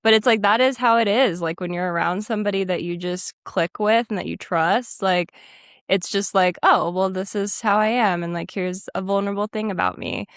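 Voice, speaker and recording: On a podcast she co-hosts, a woman muses earnestly about an anime in casual chat, saying "like" a lot. Her medium-pitched voice moves at a normal speed, recorded dry with clean studio sound.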